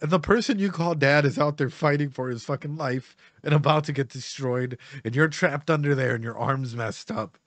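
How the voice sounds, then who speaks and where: A man's voice: fairly high pitch, normal speed, hardly any pauses, fairly bright tone, no room sound. A man giving casual reaction commentary as a streamer, emotional, laughing often and swearing.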